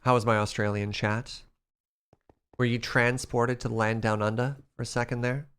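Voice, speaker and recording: This male streamer has a medium-pitched, clean-toned voice and speaks at a normal speed. Playing a building game live, he chats with his audience in an animated, playful way, responding to chat.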